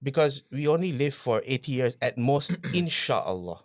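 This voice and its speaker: A man, a podcast guest telling his business story in a casual interview, animated, repeating phrases and asking rhetorical questions. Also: medium pitch, normal speed, dry recording, clean studio sound.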